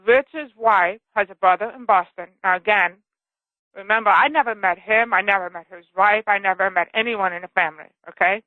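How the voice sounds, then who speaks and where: A woman author tells her story over the phone in an earnest, involved way. Her pitch sits in the middle, and the line is tinny and dry. She keeps checking in with the listener as she goes. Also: brisk, dry recording. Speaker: author and guest. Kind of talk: phone interview, personal story. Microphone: telephone.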